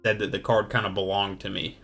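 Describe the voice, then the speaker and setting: A man voicing a quiet young female student who speaks in a hushed, confiding way. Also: lowish voice, little pitch movement, fairly quick, vocal fry, soft background music.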